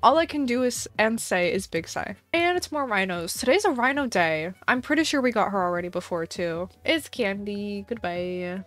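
A young woman chats through a game with her live audience, her voice pitched a little high and bouncing all over the place. She is dramatic and excitable, sinking into low mutters and then leaping into shrieks. The sound is dry and close, with soft music underneath. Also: normal speed, few pauses, no echo. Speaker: streamer. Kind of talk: casual gameplay commentary to a live chat.

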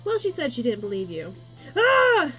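Young woman, high bouncy voice, giggly co-reader, faint music behind. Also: lively intonation, normal speed. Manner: giggly, playful. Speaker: co-reader of the story. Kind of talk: giggly home-made story reading with voices.

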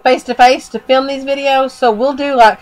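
A woman's voice: high-pitched, steady tone, normal speed. A woman co-hosting a podcast in casual chat, rambling with many fillers while she is losing her voice from a cold. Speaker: podcast co-host.

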